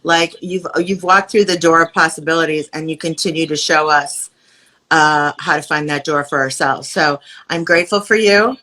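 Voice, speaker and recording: A woman's voice: low voice, normal speed. A woman hosting a live video stream, speaking effusively and inspirationally to a guest and her viewers. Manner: effusive, warm-hearted, inspirational. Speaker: host. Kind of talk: live-streamed casual chat.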